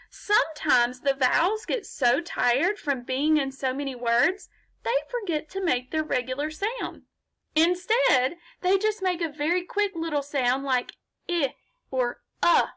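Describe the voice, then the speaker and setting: A woman's voice: high voice, a bit bright. A woman teaching a phonics lesson to young children from her laptop, patient and encouraging, posing questions and answering them herself. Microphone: laptop mic.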